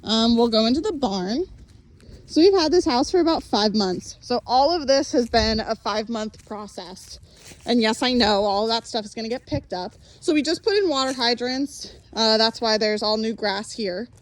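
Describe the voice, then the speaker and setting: A woman's voice: expressive, normal speed. A young woman giving a casual walking tour of her farm, chatty and upbeat, a little out of breath, filmed on a handheld phone. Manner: chatty, upbeat, calls animals in a high voice. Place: outdoors on a farm and in a barn. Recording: faint outdoor background noise.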